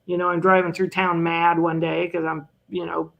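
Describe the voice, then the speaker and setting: Her voice fairly low and gravelly with little pitch movement, an older woman shares personal stories as a guest on a recovery podcast, and the audio is dull. She's conversational and self-deprecating, often saying "you know" and laughing quickly.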